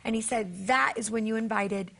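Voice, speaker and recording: A woman author and preacher speaks on a faith talk show, her voice high with a gravelly rasp. She tells her stories earnestly and acts out each quoted exchange. Her talk has a warm, conversational pull. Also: moderate pace. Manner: earnest storytelling, acting out dialogue.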